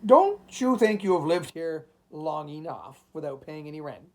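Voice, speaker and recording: A man reading the part of a stout, hard-hearted shopkeeper landlord who threatens in a soft voice. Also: on the high side, big pitch swings, a little slow. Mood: cold. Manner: speaks softly, menacing.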